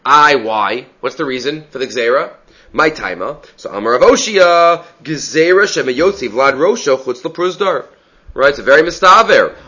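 A medium-pitched, animated man teaches Talmud at a moderate pace, his bright, forceful voice slightly rough. He lays out each point in turn, sprinkles in Aramaic, and frequently tosses out "right?" The recording is dull and lo-fi.

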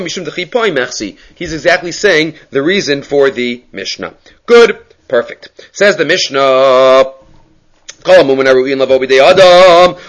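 Male Talmud teacher, slightly high voice, chants the text and then explains it in quick, animated English. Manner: mixes Aramaic quotes with lively English explanation. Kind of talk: Talmud study lesson.

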